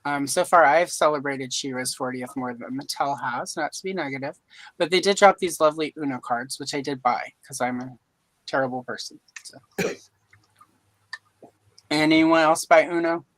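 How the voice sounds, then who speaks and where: A woman's voice: deep voice, normal speed, dry recording, rough recording. A woman from Louisiana hosts a casual live-streamed toy chat over a video call mic. She rambles, jokes and pokes fun at herself. The sound is dry and close. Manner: joking, rambling, self-deprecating. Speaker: host.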